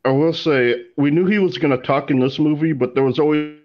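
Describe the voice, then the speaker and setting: A man's voice: on the high side, fairly quick. Matter-of-fact man on dull lo-fi audio. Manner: matter-of-fact, corrects others with facts. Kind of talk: casual podcast chat.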